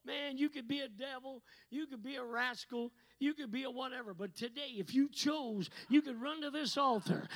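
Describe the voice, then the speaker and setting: Revival preacher, man, very high bright voice, hushed asides then shouting. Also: moderate pace, few pauses, low-quality recording. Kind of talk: revival sermon.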